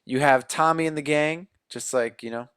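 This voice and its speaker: A podcast co-host casually recaps a horror movie's plot, rambling and joking as part of a laid-back movie review chat. His voice is a little high and his pace moderate, with a crowd audible in the background.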